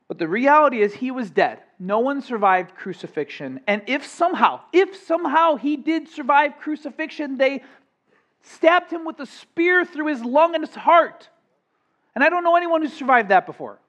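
High-voiced energetic preacher man. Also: moderate pace. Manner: energetic, playful, emphatic preaching. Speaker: pastor. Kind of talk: sermon.

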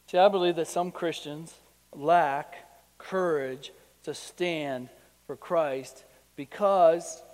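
High-voiced preacher in a reverberant hall. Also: male voice. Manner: conversational preaching, rhetorical questions to the congregation; storytelling that builds in excitement. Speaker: pastor. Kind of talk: sermon.

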